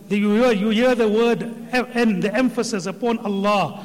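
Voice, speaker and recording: A man speaks in earnest religious commentary and recites Arabic verses with emphasis. His voice is high for a man. A long hall reverb hangs behind it. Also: a little fast. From Indian subcontinent.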